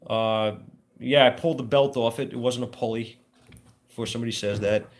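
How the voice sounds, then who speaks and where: A man's voice: medium pitch, fairly even intonation, fairly quick. A man who works as an auto mechanic, telling a rambling story from his working life in a casual, plainspoken way, using trade slang. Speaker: auto mechanic and shop owner.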